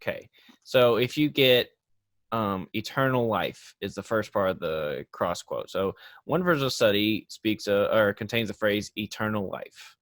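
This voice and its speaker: Low-voiced man hosting, dry close sound. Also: a little slow, dry recording. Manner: rambling, restarts often, animated when making a point. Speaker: podcast host. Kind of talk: casual podcast chat.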